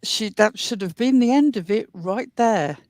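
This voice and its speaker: A woman's voice: fairly high pitch, animated, moderate pace, a little mellow, no room sound. A woman hosting a commentary show, earnestly retelling and explaining a clip step by step. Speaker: commentary host.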